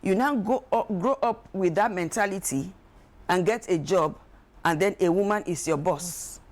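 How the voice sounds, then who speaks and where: A woman, speaking as an expert guest on a talk show, emphatic and animated, acting out quoted voices. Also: fairly low pitch, moderate pace. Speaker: guest expert on emotional wellbeing. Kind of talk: studio talk show discussion.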